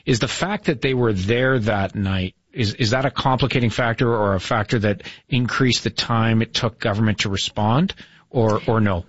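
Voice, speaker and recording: A man's voice: fairly low pitch, moderate pace, breathy edge, dull audio. A man hosting a radio interview, asking conversational, rambling questions. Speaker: radio host.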